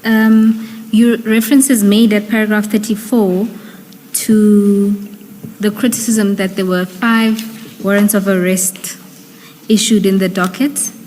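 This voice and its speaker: A woman leading evidence at a formal inquiry, steady and careful with hesitant fillers before each question. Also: mid-range voice, takes it slowly. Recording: long hall reverb, faint room noise.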